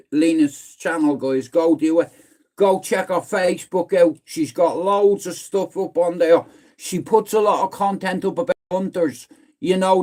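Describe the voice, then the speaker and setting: A little high and darkish in tone, the voice belongs to a middle-aged man with a Dublin accent hosting a casual livestream chat. He rambles, swears and speaks bluntly, returning over and over to the word "listen".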